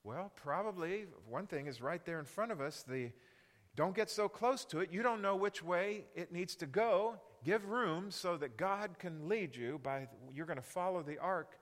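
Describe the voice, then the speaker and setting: A man teaching a Bible lesson as a sermon, animated and often putting questions to his listeners. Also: high voice, normal speed, big-room sound. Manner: animated, asks the audience questions.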